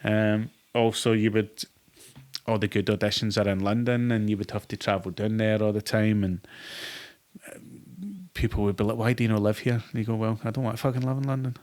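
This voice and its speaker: A man's voice: lowish voice, little pitch movement, moderate pace, a little mellow. A middle-aged Glaswegian man in a casual interview, an actor who tells stories full of swearing and acted-out quotes. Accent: Glasgow. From Scotland. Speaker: actor guest.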